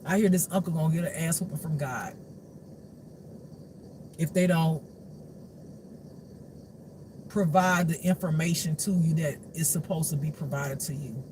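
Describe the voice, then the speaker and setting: A man's voice: on the high side, fairly even intonation, moderate pace, pauses often, background noise. A man giving a casual intuitive spiritual reading who laughs often, swears freely, and lectures his listeners directly. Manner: preachy, addresses the audience directly.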